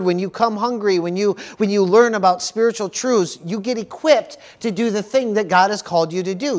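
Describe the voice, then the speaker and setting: A male pastor preaching a sermon at a church service, earnest and repetitive, often stopping to ask the congregation for an amen. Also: high-pitched. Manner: earnest preaching, frequent call-outs for "amen", repeats words.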